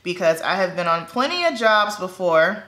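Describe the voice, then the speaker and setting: A woman chatting animatedly as she does her makeup, telling salon stories and acting out what people said. Her voice is bright and forward. The room is echoey and she sounds hollow. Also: fairly low pitch, normal speed. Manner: chatty, animated, acts out dialogue. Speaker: hairstylist and makeup artist. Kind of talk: casual get-ready-with-me storytelling. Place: indoors at home, doing makeup.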